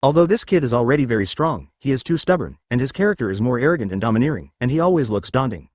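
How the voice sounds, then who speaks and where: A man's voice: mid-range voice, animated, fast, a little mellow, no echo, clean studio sound. A man reading a story as narrator in a mechanical way, saying symbols and numbers aloud. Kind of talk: scripted narration.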